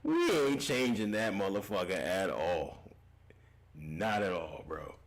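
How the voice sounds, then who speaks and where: A man's voice: deep voice, big pitch swings, slow. A young man hosting a casual gaming livestream, reading chat comments aloud, loose and profane, laughing often and repeating himself.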